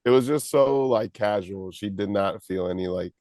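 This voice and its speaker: A man's voice: fairly low pitch, normal speed, a little mellow, no room sound, studio quality. A man co-hosting a podcast in casual chat, hesitant and searching for words. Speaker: podcast co-host.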